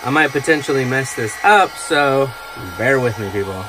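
A man's voice: mid-range voice, expressive, normal speed, noisy background. A man hosting a casual craft tutorial, chatty and rambling, correcting himself as he demonstrates. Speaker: craft channel host.

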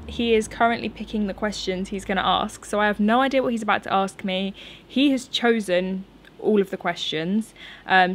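A woman's voice: mid-range voice, slight background noise. A young woman in her twenties, a vlogger chatting casually and nervously in her garden, laughing often. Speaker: YouTuber answering viewer questions. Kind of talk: casual unscripted chat.

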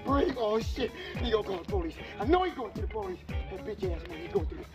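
A man acting in a low-budget comedy film as a panicky young street hustler who curses a lot and talks himself through trouble. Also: very animated, quick pace. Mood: frantic. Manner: frantic, cursing, talks to himself. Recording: film audio with music underneath.

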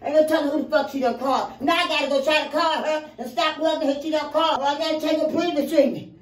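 Older grandma, high voice, freaking out, praying and cussing, far off in an echoey room with some music going. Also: female voice, steady tone, fast talker. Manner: frantic, praying aloud, swearing when angry. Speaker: grandmother, prank target. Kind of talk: panicked reaction.

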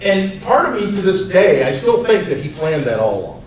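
Man in his forties, teacher, animated storytelling, echoey school hall, distant mic. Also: high voice, moderate pace. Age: 40s. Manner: animated, swings from loud to soft. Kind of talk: storytelling talk to students. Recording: echoey room, mic far off, faint noise.

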